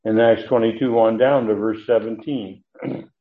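Man, Bible study teacher, lowish voice, halting with many fillers, tinny phone-like sound. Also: fairly even intonation. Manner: halting, frequent fillers and restarts. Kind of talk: verse-by-verse Bible study lecture.

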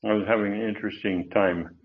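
An older male pastor preaches in a folksy, rambling way, full of asides and restarts. His voice sits low, and the recording sounds dull and lo-fi. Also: steady tone, brisk. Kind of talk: expository sermon teaching.

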